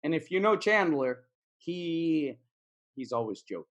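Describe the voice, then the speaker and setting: A man's voice: on the high side, big pitch swings, unhurried, muffled recording. A man teaching English in a casual video lesson, repeating words and phrases for practice.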